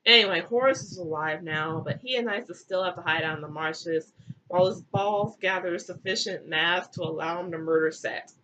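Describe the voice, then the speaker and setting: A woman's voice: fairly low pitch, moderate pace, bright, forceful tone, slight background noise, rough recording. A young woman retelling a myth in a giggly, irreverent comic style with crude asides. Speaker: comedic storyteller.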